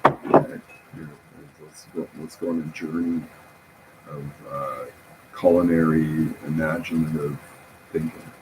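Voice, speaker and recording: A man talking in a rambling, halting casual monologue, often laughing at his own jokes. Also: rumbling low, little pitch movement, slight background noise, poor audio.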